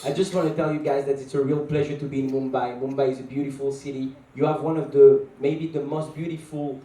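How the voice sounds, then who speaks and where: Young French-accented male guest, mellow, laughs through lines, roomy distant stage sound. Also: mid-range voice, little pitch movement, fast talker. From France. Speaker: guest actor at a film event. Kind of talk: playful stage remarks. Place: event stage with an audience. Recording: echoey event hall, from far off.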